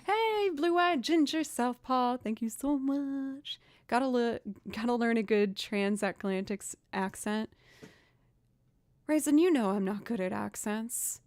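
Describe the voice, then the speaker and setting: A woman's voice: on the high side, lively intonation, unhurried, darkish tone, no room sound. A young woman chatting casually with her live-stream audience, rambling with fillers and restarts. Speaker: streamer and musician.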